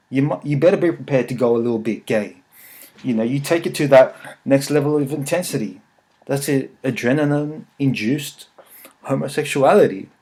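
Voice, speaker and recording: Profane rambling man. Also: medium pitch. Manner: rambling, profane, jokey storytelling. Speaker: podcast host. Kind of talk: casual chat.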